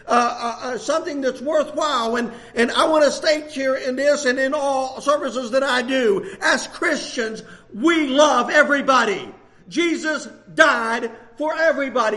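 An older man in his sixties preaches with a lilt. His voice sits very high for a man, and he pushes his points with fervent repetition, building to shouted emphasis. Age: 60s. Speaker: pastor. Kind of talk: sermon.

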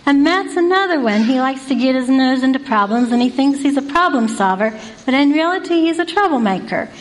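Woman telling a story from her night shift, chatty, a bit high, acts out all the voices. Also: fairly quick, poor audio. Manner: animated, conversational, acts out voices. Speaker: night staff at a youth residential facility. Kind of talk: spoken personal storytelling.

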